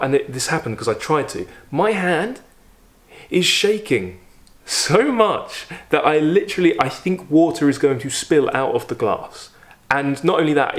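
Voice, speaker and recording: Man telling a dramatic story. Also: medium pitch. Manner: vivid, dramatic retelling with frequent fillers. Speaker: YouTube host. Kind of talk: storytelling vlog.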